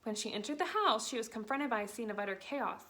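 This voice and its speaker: A woman reads a children's book aloud in a steady, clear storytelling voice. Her pitch sits a little high. She keeps an even, measured pace through the narration.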